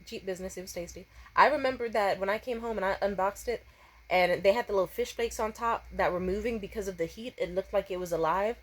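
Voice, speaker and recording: Profane, animated young woman ranting. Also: medium pitch, fast talker. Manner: profane, animated, breaks into exaggerated voices for quotes. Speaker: storytime vlogger. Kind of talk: casual storytime rant.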